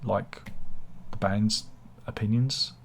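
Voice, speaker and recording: A man's voice: fairly low pitch, steady tone, takes it slowly, creaky, a little hiss or hum. A man, hosting a casual book review channel, rambling with sardonic, self-mocking humor. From England.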